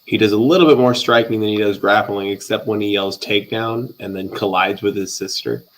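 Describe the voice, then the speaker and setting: Relaxed male host, lowish voice, casual questions. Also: fairly quick, rough recording. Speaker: interviewer, host.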